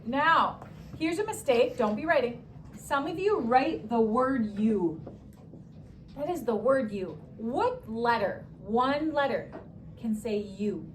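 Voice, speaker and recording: A young woman teaching a classroom spelling lesson, upbeat, stretching words and throwing in quick asides. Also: a little high, expressive, slight background noise.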